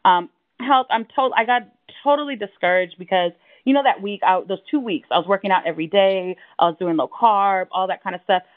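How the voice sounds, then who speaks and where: A woman co-hosting a casual chat, telling animated stories and acting out quotes in high voices. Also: fairly quick, few pauses, no echo. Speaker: podcast co-host. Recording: tinny phone-like remote line.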